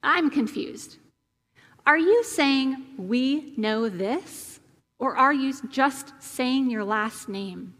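A woman's voice: sits high, animated, drawn-out words, fairly bright tone, full character voice. A woman pastor quoting an exasperated but reassuring male interviewer, in a reverberant hall.

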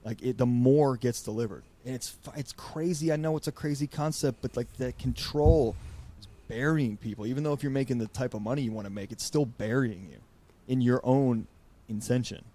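A man hosting a podcast, talking in a rambling, animated way and acting out quotes. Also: medium pitch, fairly quick. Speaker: podcast host. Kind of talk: casual podcast conversation.

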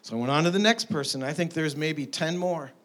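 Animated preacher man telling stories. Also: a little high, a little fast, slight background noise. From Tulsa, Oklahoma. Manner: lively storytelling with rising emphatic peaks. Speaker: pastor. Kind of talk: sermon with storytelling.

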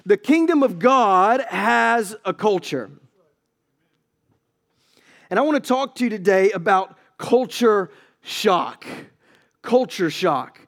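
A male pastor preaching a sermon, moving from relaxed storytelling to emphatic, raised preaching. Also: high voice. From United States.

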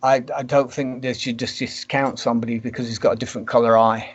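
A man's voice: medium pitch, flat delivery, fast talker, breathy edge. Man musing in a lo-fi chat. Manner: speculative, thinking aloud with restarts. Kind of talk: casual chat. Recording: dull lo-fi sound.

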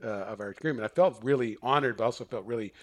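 A man speaking at an ordinary middle pitch tells a long personal story as an interview guest. He rambles and restarts his sentences, acting out the voices of people in the story. His tone stays casual and conversational. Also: fast talker. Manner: rambling, self-correcting, acts out quoted dialogue. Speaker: guest, therapist.

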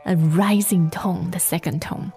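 Slow, careful woman teaching a language. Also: lowish voice, fairly even intonation, dark tone, soft background music. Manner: slow, careful modelling of each word, repeated twice. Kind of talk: podcast language lesson.

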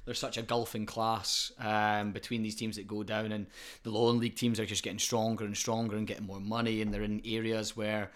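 A man's voice: lowish voice, little pitch movement, brisk. A young Scottish man co-hosting a football podcast, explaining points in casual chat. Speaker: podcast co-host.

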